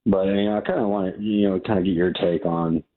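Man, radio caller, deep voice, laid-back, tinny phone line. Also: fairly even intonation, fast talker, slight background noise.

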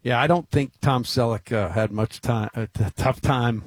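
A man's voice: mid-range voice, moderate pace, dry recording. A man co-hosting a sports talk show, teasing and cracking jokes in casual banter. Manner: wisecracking, teasing. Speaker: sports radio co-host.

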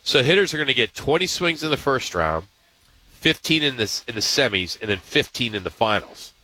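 Bright-voiced sports radio host man. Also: mid-range voice, big pitch swings, no echo, poor audio. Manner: reads news items in a brisk, upbeat way. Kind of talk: casual sports talk.

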